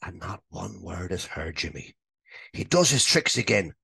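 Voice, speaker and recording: A man's voice: deep voice, normal speed, creaky, breathy edge, no echo. A man co-hosting a comedy podcast, telling a joke with lots of laughter. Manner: animated storyteller, laughs often. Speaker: podcast co-host.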